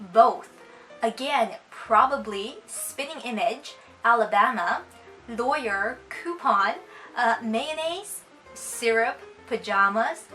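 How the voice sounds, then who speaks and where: Bright, chatty young Canadian woman. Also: on the high side, rough recording. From China. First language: Cantonese. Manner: chatty, reads a word list one word at a time. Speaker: vlogger. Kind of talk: casual chat.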